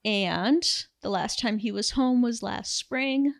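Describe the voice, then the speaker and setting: A woman's voice: a little high, creaky, no room sound, studio quality. A young woman co-hosting a podcast, casually retelling a film's plot and quoting its characters. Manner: animated retelling, quoting characters in quick voices. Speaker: podcast co-host. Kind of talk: casual film review chat.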